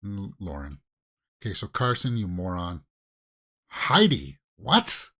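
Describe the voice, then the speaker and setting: A man's voice: sits low, sing-song, slow pace, bright, forceful tone. A man hosting a watch-along reaction video, giving casual commentary that swings into exasperated rants with repeated questions.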